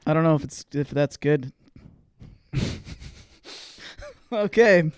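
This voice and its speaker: A man's voice: a little high, expressive, takes it slowly, smooth, no room sound, studio quality. A man in his late twenties, a podcast co-host, telling rambling anecdotes with lots of laughter in casual chat.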